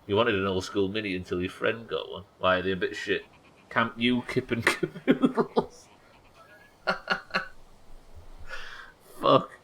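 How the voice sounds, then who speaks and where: A man's voice: low-pitched, fairly even intonation, a little fast, bright, forceful tone. A man from the UK streaming a video game live, rambling, swearing and chatting with his viewers as he plays. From United Kingdom.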